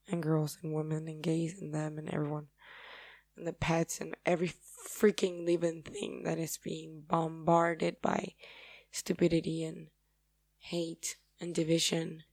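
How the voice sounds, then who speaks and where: Slow, gravelly Paraguayan woman. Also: fairly low pitch, no echo. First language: Spanish. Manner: rambling, earnest and effusive. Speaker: podcast host. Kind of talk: casual solo talk.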